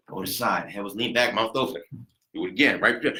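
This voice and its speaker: A man teaching a CPR class, chatty and rambling, counting compressions out loud and getting out of breath. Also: lowish voice, quick pace, noisy background. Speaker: CPR instructor. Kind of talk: hands-on class demonstration.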